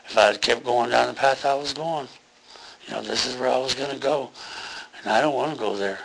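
Gravelly man telling his story. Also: medium pitch, a little fast, a bit bright, rough recording. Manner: rambling, earnest, many fillers. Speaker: interviewee telling a near-death experience. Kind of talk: personal testimony.

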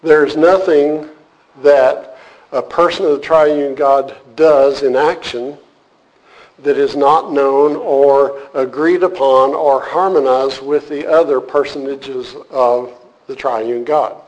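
A man's voice: mid-range voice, fairly even intonation, slow, a little mellow, low-quality recording. A man teaching a church group in a casual, joking way, then turning earnest as he explains a point. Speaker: teacher leading a church class. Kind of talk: casual sermon to a live group.

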